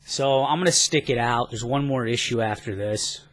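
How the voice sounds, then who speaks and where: A man's voice: mid-range voice, normal speed, a bit bright, no echo. A man talking casually in a rambling, enthusiastic comic book review vlog, now and then swearing.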